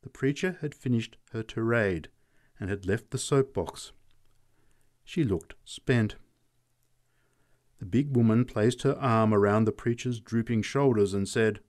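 A man reading a short story aloud as the narrator, in a measured storytelling manner. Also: lowish voice, darkish tone.

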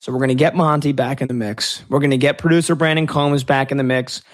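A man hosting sports talk radio, chatty and joking, quick to slip into impressions. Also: mid-range voice, steady tone.

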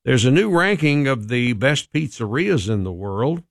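Male radio host, relaxed and talky, mid-range voice, dead-dry booth sound. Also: medium pitch, moderate pace, creaky, no room sound. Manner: casual, chatty, with frequent "uh" fillers. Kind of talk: radio morning segment.

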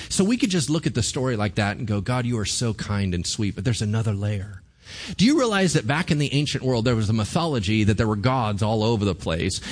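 A man preaching a sermon in a church, telling stories animatedly and putting questions to the congregation. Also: medium pitch. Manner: animated, asks the audience questions. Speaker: pastor.

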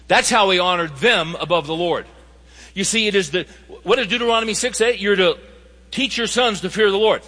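High bright-voiced preacher in a hall. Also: male voice, fairly quick. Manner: emphatic, rhetorical questions to the audience. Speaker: pastor. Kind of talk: sermon. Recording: reverberant hall sound.

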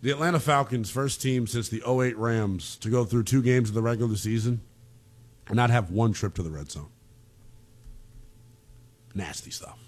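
A man co-hosting a casual football talk show, animated and joking between game recaps. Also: medium pitch, a little fast. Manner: animated, bouncing between hype and jokes. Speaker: sports show co-host.

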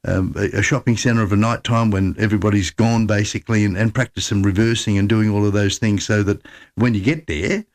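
A man's voice: fairly low pitch, fairly even intonation, brisk. An upbeat, chatty Australian man hosting a radio show and giving travel tips. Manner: chatty and upbeat, with repeated restarts. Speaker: radio host. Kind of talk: casual advice and radio presenting.

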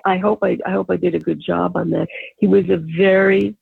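An older woman, an advertising agency founder, telling animated stories in an interview and laughing often. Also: lowish voice, brisk, creaky, slightly rough, dry recording. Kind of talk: storytelling in an interview. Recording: tinny phone-like line.

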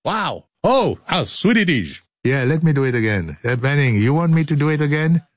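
A man's voice: fairly high pitch, big pitch swings, normal speed, no echo. An older man hosting a radio show, clowning through studio outtakes in a playful, joking way. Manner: playful, clowning, breaks into silly singing and laughs.

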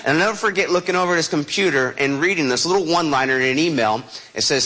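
A man's voice: on the high side, rapid-fire, hardly any pauses, pushed and bright. A man telling a personal story with vivid, dramatic animation and sound effects, as a motivational speaker.

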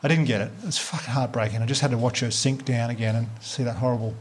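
A man with an Australian accent doing a stand-up comedy set live, telling animated stories and acting out the characters, with plenty of swearing. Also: medium pitch, fast.

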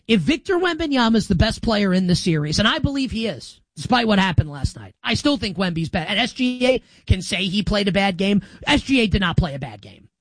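A man hosting a sports talk show, delivering an opinionated monologue with sarcastic emphasis. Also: no room sound. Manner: sarcastic and emphatic, with wide swings in pitch.

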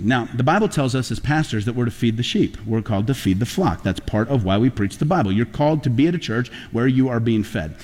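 A man preaching a sermon as pastor, telling stories and building to emphatic peaks. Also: mid-range voice. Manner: animated storytelling preacher, rising to emphatic peaks. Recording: long hall reverb.

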